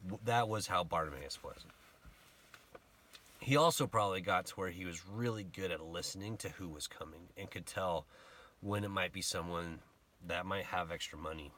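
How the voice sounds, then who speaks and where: Guy with a lowish voice preaching casually, animated, acts out the story people. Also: moderate pace. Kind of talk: casual sermon retelling a Bible story.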